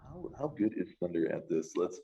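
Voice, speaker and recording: A man's voice: sits low, animated, normal speed, creaky, mellow. A man narrating a tabletop game as game master in a casual, rambling way. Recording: echoey room.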